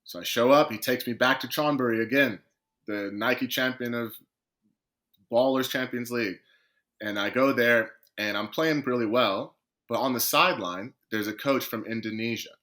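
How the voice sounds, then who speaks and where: A man's voice: mid-range voice, normal speed, pushed and bright. A man, a professional footballer, telling his career story as a guest on a podcast and acting out the conversations he quotes.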